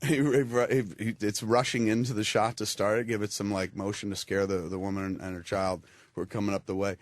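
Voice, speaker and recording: Guy in a radio studio telling film set stories, swears a lot, animated, dry close sound. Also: fairly low pitch, brisk, no echo. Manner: animated, profane storyteller. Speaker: film director, studio guest. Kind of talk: casual radio chat.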